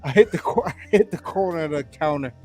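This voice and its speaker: A man's voice: on the high side, fast talker, darkish tone, soft background music. A man co-hosting a casual chat, laughing and swearing as he tells his side of a story. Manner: laughing, loose, profane.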